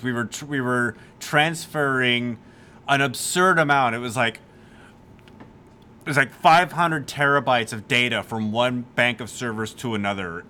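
A man's voice: mid-range voice, sharp tone, slight background noise. A man co-hosting a casual podcast chat, trading work stories with short agreeing remarks and dry humor. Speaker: podcast co-host.

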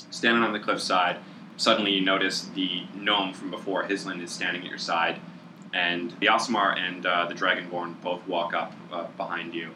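A man narrating as game master of a tabletop game in a relaxed manner, with frequent fillers. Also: deep voice, noisy background. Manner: relaxed, laughing often, filler-heavy.

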